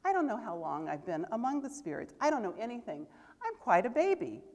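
A woman's voice: fairly high pitch, big pitch swings, brisk, darkish tone, long reverb tail. A woman voicing an elated, giddy old miser man who talks in breathless exclamations, read aloud in a church service.

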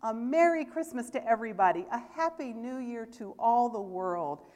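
A woman's voice: fairly high pitch, animated, normal speed, darkish tone, big-room sound, lightly acted. A woman voicing an elated, giddy old miser man who talks in breathless exclamations, read aloud in a church service.

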